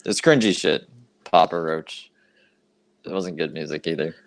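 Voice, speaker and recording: A man's voice: extremely low pitch, measured pace. A man from Canada co-hosting a stream, chatting casually and joking crudely. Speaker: streamer co-host. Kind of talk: casual chat.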